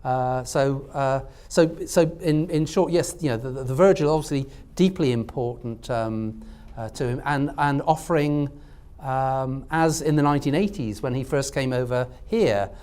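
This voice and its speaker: A man's voice: mid-range voice, normal speed, a little mellow, clear, resonant tone. A man speaking as a literary scholar on a university panel, talking in a hesitant way with many fillers and restarts. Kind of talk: academic panel discussion. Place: lecture room at a university event.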